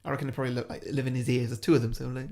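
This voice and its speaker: Brief: male co-host, average pitch, loose and giggly storyteller who drops into quick character voices. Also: level tone, a little mellow, slight background noise. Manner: laughs often, does quick voices for characters. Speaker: podcast co-host. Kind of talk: casual chat, pitching a made-up film plot.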